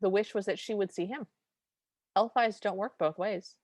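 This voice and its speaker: A woman's voice: medium pitch, normal speed, a little mellow, dry recording. A woman co-hosting a podcast, chatting casually and enthusiastically while recapping a film scene by scene. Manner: enthusiastic, retells scenes with acted quotes. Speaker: podcast co-host.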